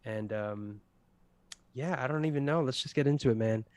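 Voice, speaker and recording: A man's voice: mid-range voice, moderate pace, a little mellow, dry recording. A young man co-hosting a casual livestreamed podcast, rambling with lots of fillers and easy laughter. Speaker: podcast co-host presenting awards.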